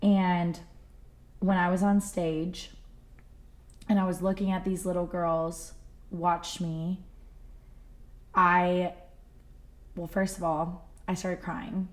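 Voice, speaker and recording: Young woman singer as podcast guest, earnest and heartfelt, filler-heavy chat, a touch low-pitched. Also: flat delivery, takes it slowly, long pauses.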